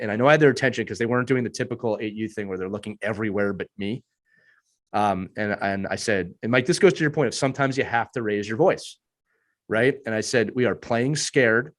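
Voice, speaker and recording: A youth hockey coach in his thirties speaks earnestly on a podcast panel in a hoarse, mid-range voice, repeating his points for emphasis.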